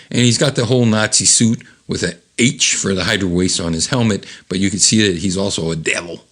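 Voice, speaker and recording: A man's voice: fairly low pitch, animated, brisk, fairly bright tone. A man hosting a casual read-aloud, describing comic panels in a rambling, chuckling way with many fillers. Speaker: host reading comics aloud.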